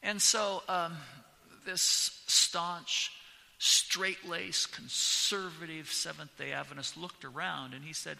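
A pastor delivers a slow, emphatic sermon, leaning hard on key words. His voice is bright and forceful with a gravelly texture. A long reverb from the sanctuary rings behind him. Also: on the high side, steady tone. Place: church sanctuary.

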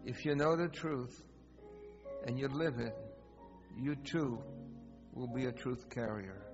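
A man pastor preaching a storytelling sermon, animated and acting out conversations. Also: mid-range voice, takes it slowly. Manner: animated, acts out dialogue. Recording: long hall reverb, dull sound, guitar music behind.

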